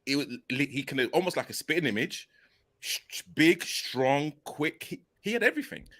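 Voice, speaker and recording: A man's voice: on the high side, animated, normal speed, a bit bright. A man hosting a casual video chat, talking eagerly and filling his speech with "literally" and "like". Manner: enthusiastic, repeats "literally" and "like" a lot.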